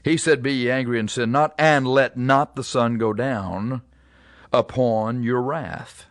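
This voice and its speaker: A man preaching a sermon in a plain, conversational way, pausing and repeating himself as he works through his points. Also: medium pitch, fairly even intonation, no echo, studio quality. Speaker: pastor.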